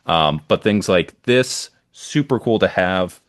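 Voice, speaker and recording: A deep-voiced man talks eagerly and at length, circling back with fillers as he goes. His voice is low and close, with no room around it. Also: animated, takes it slowly, smooth, no room sound. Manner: enthusiastic, rambling with many fillers. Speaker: podcast co-host. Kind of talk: casual chat.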